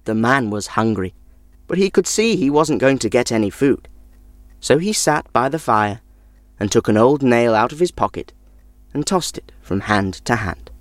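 Lively storyteller reading a folk tale, swoopy voice, dry close mic. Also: medium pitch, moderate pace, dry recording. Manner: expressive. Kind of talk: children's story narration.

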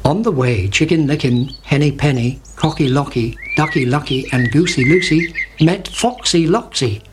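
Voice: mid-range voice, normal speed. Storyteller reading over a hiss. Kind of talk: storybook read-aloud.

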